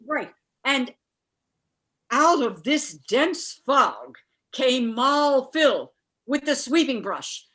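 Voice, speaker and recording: A woman with a high, bright voice spins a folksy tale in an Irish accent, lively and playful, over a video call. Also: very slow, long pauses. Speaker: storyteller. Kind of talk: live storytelling performance.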